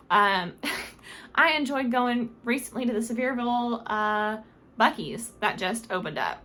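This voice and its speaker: A woman's voice: medium pitch, a bit bright, a little hiss or hum. Chatty young woman vlogger. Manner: chatty, rambling, many fillers and self-corrections. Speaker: lifestyle vlogger. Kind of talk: casual advice chat to camera.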